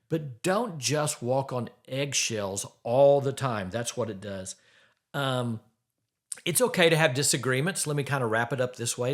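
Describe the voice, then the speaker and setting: A middle-aged man hosting a faith-based podcast, giving earnest relationship advice and asking the listener direct questions. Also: mid-range voice.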